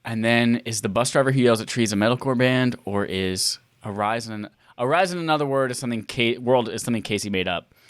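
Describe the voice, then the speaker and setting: A man's voice: medium pitch, fast talker, clear, resonant tone, dry recording. A man co-hosting a podcast who plays a quiz, thinking aloud in a jokey, casual way. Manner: thinks aloud, jokey, puts on mock voices. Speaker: podcast co-host playing a quiz.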